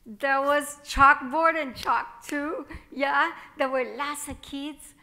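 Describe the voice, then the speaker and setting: A woman's voice: high voice, steady tone, takes it slowly, bright, forceful tone, heavily acted. A woman performing a spirited Mexican-American little girl starting first grade, chatty and childlike, with a Mexican-American accent and Spanish phrases mixed in. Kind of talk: one-woman theatre monologue.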